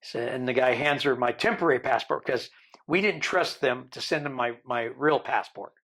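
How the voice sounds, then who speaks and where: A man in his sixties, a podcast guest, telling a long story in a lively way and acting out the people he quotes. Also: mid-range voice, moderate pace. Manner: animated storyteller who mimics the people he quotes.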